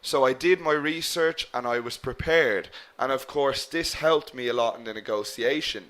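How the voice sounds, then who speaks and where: Man, English teacher, online lesson, bright tone, encouraging, lively emphasis. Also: medium pitch, moderate pace. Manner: encouraging, addresses students by name and checks answers; lively emphasis with frequent "okay?" and "guys".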